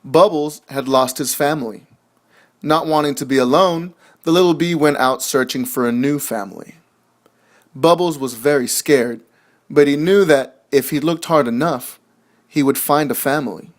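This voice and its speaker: A young man narrating a children's story in a gentle, measured reading voice. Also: a little high.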